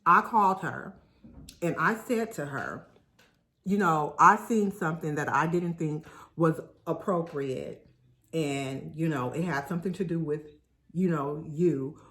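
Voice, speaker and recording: A young woman vlogger chatting casually to viewers while eating, telling a story in an animated way. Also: sits low, a little slow. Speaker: mukbang vlogger.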